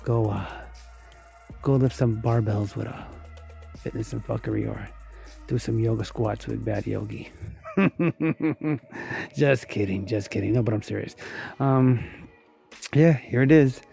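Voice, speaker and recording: A male podcast host rambles through a casual comedic intro. He jokes and plugs his show along the way. His voice is mellow and dark, with a gravelly edge. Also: on the low side, a little slow, long pauses, soft background music. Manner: rambling, joking, self-promoting.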